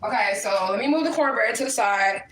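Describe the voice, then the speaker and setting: Loud, profane mother in an echoey kitchen. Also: fairly high pitch, expressive, brisk. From Midwest US, St. Louis area. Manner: loud, profane, laughing banter. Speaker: livestream host cooking with her daughter. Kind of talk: casual livestream chat while cooking. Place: home kitchen. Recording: echoey kitchen, faint noise.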